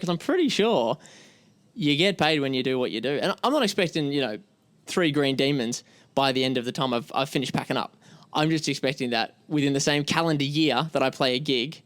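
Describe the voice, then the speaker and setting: Fast, wry Australian man hosting. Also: medium pitch, clean tone, no room sound. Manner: quick, wry and jokey. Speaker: channel host and drummer. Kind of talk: casual chat.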